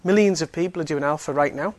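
A man with a fairly high voice gives a relaxed faith talk to a group. He speaks casually and fills his sentences with "you know". He also drops in teasing jokes. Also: fast talker. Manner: conversational, many fillers, joking asides. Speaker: Alpha course speaker. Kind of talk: evangelistic talk.

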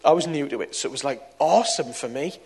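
A middle-aged man preaches to a gathering. He tells a personal story, and his voice moves between quiet, confiding passages and sudden loud bursts. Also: on the high side, quick pace, husky. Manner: storytelling, swings from soft to loud. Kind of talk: testimony sermon.

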